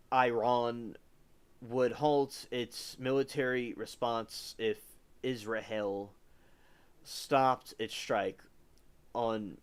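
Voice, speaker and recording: A man's voice: medium pitch, clear, resonant tone. A man hosting a livestream, giving casual news commentary in a rambling way and often correcting himself. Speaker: livestream host.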